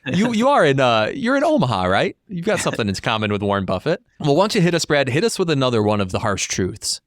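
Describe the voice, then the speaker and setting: A man hosting a podcast, chatting in a relaxed way and laughing easily. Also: mid-range voice, quick pace, dry recording, studio quality. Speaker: podcast host. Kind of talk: casual podcast conversation.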